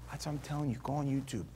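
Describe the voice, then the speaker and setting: An older male pastor preaching a sermon, telling stories with rhetorical questions and swinging from loud bursts to hushed, quiet passages. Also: medium pitch, background noise.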